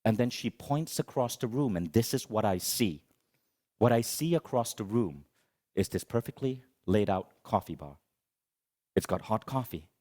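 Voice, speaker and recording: A middle-aged man giving a motivational talk on stage, telling a comic story in an animated, dramatic, self-mocking way. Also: on the low side, moderate pace. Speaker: motivational speaker.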